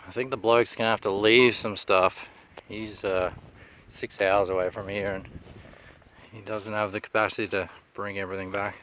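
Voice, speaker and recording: A man giving a laid-back, halting walkthrough of an old machine, with many pauses and "uh"s, speaking into a handheld camera inside a running dragline cab. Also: vocal fry, a bit bright. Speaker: machinery restorer. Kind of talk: casual walkthrough narration. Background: faint engine rumble.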